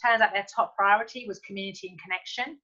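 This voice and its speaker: Bright-voiced woman host on a dull line. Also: mid-range voice, steady tone, fast. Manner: thinking aloud, with fillers and restarts. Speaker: interviewer and podcast host. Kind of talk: interview questions and comments.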